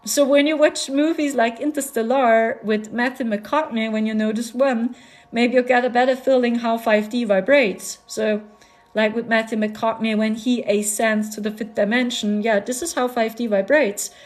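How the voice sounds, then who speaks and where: A woman's voice: a little high, fairly even intonation, normal speed. Chatty woman, laughing often. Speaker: spiritual vlogger. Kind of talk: casual live-stream chat.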